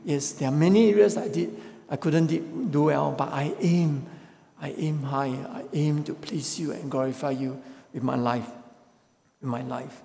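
A man's voice: a little high, moderate pace, creaky, warm tone. A man preaching a sermon, emphatic and repeating phrases for stress. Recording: echoey hall with long reverb.

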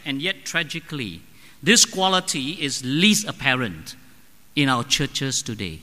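Slow, bright-voiced preacher man in an echoing hall. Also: medium pitch, lively intonation. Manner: emphatic, deliberate preaching with questions to the congregation. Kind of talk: sermon.

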